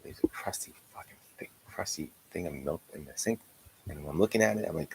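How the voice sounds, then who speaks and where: A man's voice: rumbling low, fast talker, gravelly, a little mellow, slight background noise, low-quality recording. A man in an angry, profane livestream rant, aggrieved and often dropping into whispered asides. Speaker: streamer.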